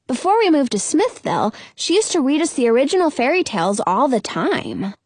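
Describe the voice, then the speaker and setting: A woman narrating a first-person children's story aloud, expressive and quick to burst into excited exclamations. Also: high-pitched, dry recording. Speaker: audiobook narrator.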